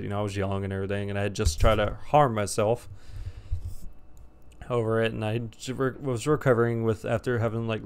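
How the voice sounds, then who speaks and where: A man's voice: fairly low pitch, clear, resonant tone. A man around thirty telling a casual storytime story in a rambling, profane, laid-back way. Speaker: storyteller vlogger.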